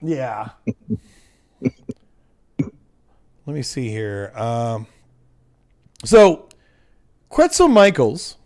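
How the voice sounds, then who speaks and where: A man's voice: mid-range voice, sing-song, drawn-out words, pauses often, darkish tone. An American man hosting a casual livestream, rambling and self-mocking with lots of fillers and restarts. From United States. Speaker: livestream host.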